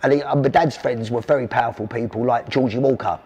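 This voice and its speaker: A middle-aged South London man tells rambling stories at a rapid clip and keeps quoting his father. His voice sits at an ordinary, mid-range pitch for a man. He sounds like a podcast guest in full storytelling mode. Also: steady tone, darkish tone. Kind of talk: storytelling interview.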